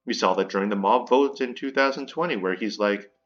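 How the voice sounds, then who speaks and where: A man's voice: on the low side, a little fast, highs cut off, faint music behind. A man delivering an indignant commentary rant, stumbling and repeating words as he vents. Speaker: commentary YouTuber. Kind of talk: ranting commentary.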